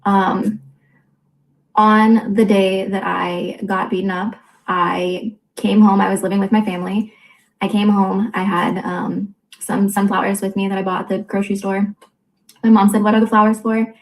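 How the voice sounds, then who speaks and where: A woman in her twenties telling a personal story in a candid vlog, blunt and full of profanity, quickly acting out what others said. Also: mid-range voice, flat delivery, rough recording. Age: 20s. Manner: quotes others in quick reported dialogue. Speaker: vlogger.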